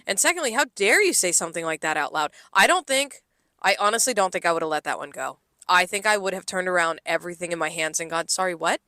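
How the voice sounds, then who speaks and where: A woman's voice: fairly low pitch, expressive, fast, bright, forceful tone, dry recording. A young woman co-hosting a podcast, talking emphatically and indignantly, swearing and acting out comebacks. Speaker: podcast co-host. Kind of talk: casual chat.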